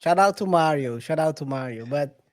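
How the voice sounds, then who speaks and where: Guy cohosting a podcast, high voice bouncing all over, keeps tripping on his words. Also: expressive. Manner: halting, repeats words, laughs easily. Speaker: podcast co-host. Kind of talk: casual chat.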